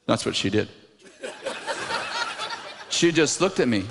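A man preaching, telling a story in an animated, self-mocking way with lots of laughter, in a church sanctuary. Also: mid-range voice, slow, vocal fry. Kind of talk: sermon storytelling. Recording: reverberant hall with faint noise.

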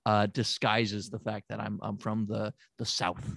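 A man's voice: fairly low pitch, completely flat delivery, a little slow, vocal fry, a bit bright, no echo. A man from Tennessee playing a hapless therapist in an improvised comedy sketch, rambling and hesitant, full of filler words. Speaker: comic playing a fake therapist.

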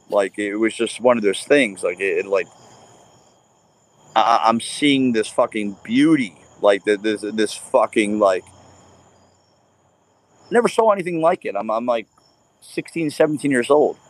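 A man's voice: fairly low pitch, lively intonation, normal speed, long pauses, dry recording. Man, 40s, casual chat, profane storyteller, dry close sound. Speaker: podcast guest.

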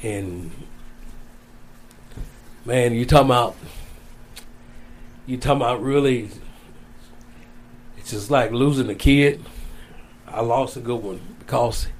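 A man's voice: medium pitch, takes it slowly, long pauses. A man as an interview guest, telling a long personal story in a casual, rambling way, repeating his phrases. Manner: rambling, repeats phrases, folksy Southern-style speech.

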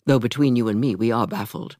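A woman reading an audiobook as narrator, measured and dryly ironic, in a dry studio voice-over. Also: a bass voice, dark tone, dry recording. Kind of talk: scripted narration.

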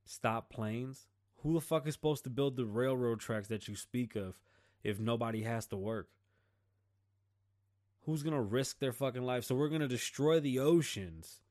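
A man's voice: mid-range voice, normal speed, darkish tone. A man hosting his own show, delivering a blunt, profane, slang-filled political rant in a casual style. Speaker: podcast host.

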